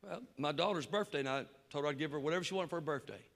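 Stubborn atheist man, curt and calmly angry, voiced by a Southern preacher, echoey hall. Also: a little high, rapid-fire, creaky, pitched below the performer's own voice.

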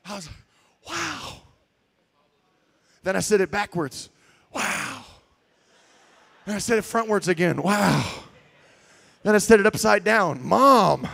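A man preaching a sermon, telling stories with swings between shouts and quiet asides. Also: sits high, fast, creaky. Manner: shouting, animated storytelling with swings from loud to quiet.

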